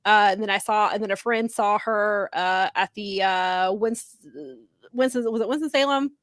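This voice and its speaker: With a fairly bright, medium-pitched voice and a moderate pace, a podcast co-host chats about wrestling, filling her long, meandering recaps of others' remarks with fillers. There's no echo.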